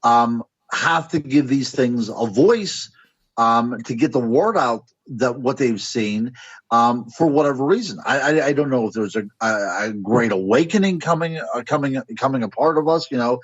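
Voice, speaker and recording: Husky american guy musing on a radio show, kinda muffled lo-fi line. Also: mid-range voice, normal speed, no echo. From United States. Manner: musing, speculative, searches for words. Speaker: guest author and paranormal researcher. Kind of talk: radio interview answers.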